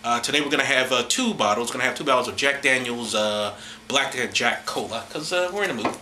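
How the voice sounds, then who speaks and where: A man's voice: medium pitch, fast, pushed and bright, roomy sound, a little hiss or hum. A man hosting a casual, irreverent talk, rambling, laughing and mocking as he goes. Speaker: host.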